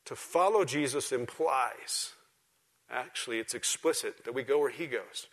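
A man preaching a sermon to a church congregation, swinging from loud, emphatic exhortation to quiet, intimate asides. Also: medium pitch, moderate pace. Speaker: pastor. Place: church service before a congregation.

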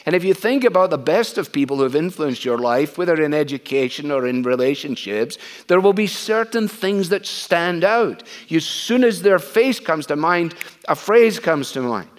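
A man's voice: on the high side, expressive, moderate pace. Earnest conversational male preacher. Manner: earnest and conversational, with frequent "uh" and rhetorical questions. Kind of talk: expository sermon.

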